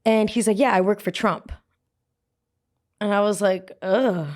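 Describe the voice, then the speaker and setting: A woman's voice: medium pitch, a little slow. A young woman hosting a podcast, casually telling a story and acting out the people in it. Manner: animated, acts out quotes with a put-on voice. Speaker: podcast host. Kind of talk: storytelling chat.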